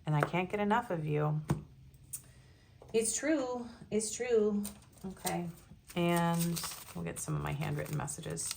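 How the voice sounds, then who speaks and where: A woman's voice: fairly low pitch, fairly even intonation, normal speed, creaky, background noise. A young woman giving a casual tarot love reading, chatting and giggling between the card messages she reads aloud. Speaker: tarot reader.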